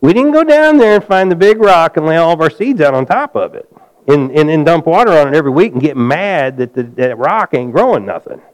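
Animated preaching man, high clear voice. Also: fairly quick, low-quality recording. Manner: animated preaching, rising to near-shouts then dropping to a low hush; calls out to the congregation for amens. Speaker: pastor. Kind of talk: sermon.

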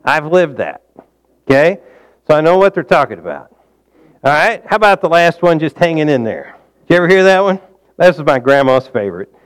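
A man preaching in a relaxed, folksy way, quizzing his listeners as he goes. His voice sits a little high and sounds smooth and clear. He climbs loud and high to hit a point, then drops low and soft. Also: fairly quick, long pauses. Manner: folksy, engages the audience with questions; rises loud and high for emphasis, drops low and quiet for asides. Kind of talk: conversational sermon.

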